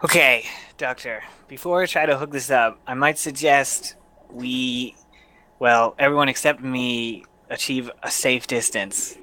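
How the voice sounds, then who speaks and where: Bright-voiced man playing a careful character. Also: medium pitch, a little slow, a little hiss or hum. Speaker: player. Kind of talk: in-character tabletop play.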